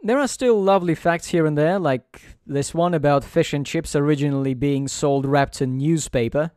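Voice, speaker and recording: A man's voice: a little high, normal speed, darkish tone, clear, resonant tone, no room sound. A man giving dry, sarcastic gameplay commentary as host of a let's play.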